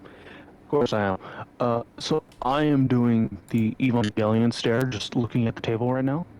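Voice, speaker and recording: A man's voice: mid-range voice, steady tone, normal speed, a little mellow, lo-fi sound, a little hiss or hum. A man playing a tabletop game, chatting in a dry, wry way. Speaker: player. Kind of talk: casual chat.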